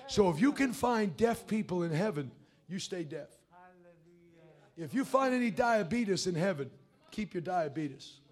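High-voiced preacher, hushed to shouting. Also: male voice, expressive, unhurried. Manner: swings from hushed to shouting, colloquial and blunt. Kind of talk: revival sermon.

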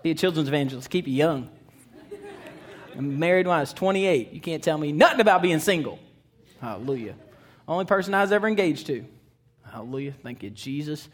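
A man in his thirties, a children's evangelist, preaching a lively sermon that builds to shouts. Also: fairly high pitch, fairly quick, long pauses. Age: 30s.

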